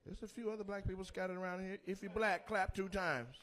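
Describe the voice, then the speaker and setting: A man doing stand-up crowd work in a comedy club, loud and teasing, and slipping into playful mock voices. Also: sits high, fairly even intonation, fast, slight background noise. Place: comedy club stage before a live audience.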